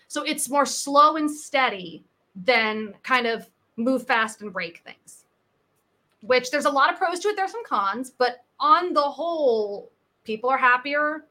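A woman's voice: high-pitched, measured pace. A woman in her thirties, a sales coach telling stories in a podcast interview. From United States. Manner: animated, acts out quoted people in her stories. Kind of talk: conversational interview storytelling.

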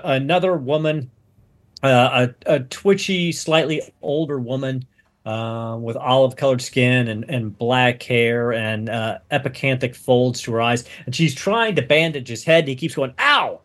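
A man narrating a tabletop game as game master in a casual, halting way. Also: medium pitch. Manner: casual, halting, many restarts.

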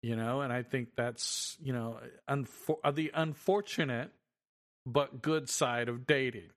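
A man's voice: mid-range voice, a little slow. A man in casual conversation, reflective and agreeable, offering his own views. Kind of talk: casual chat.

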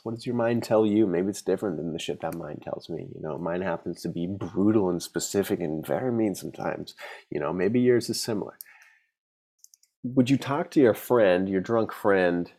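A man's voice: low voice, darkish tone. A man hosting an unscripted solo podcast, talking frankly in a rambling way, with many restarts and some swearing. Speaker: podcast host.

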